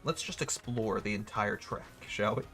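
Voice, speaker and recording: Chatty male gamer with a gravelly voice. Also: fairly low pitch, normal speed, fairly bright tone, faint music behind. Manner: chatty, enthusiastic, self-mocking. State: hiccups with wheezing. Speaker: streamer. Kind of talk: casual gameplay commentary.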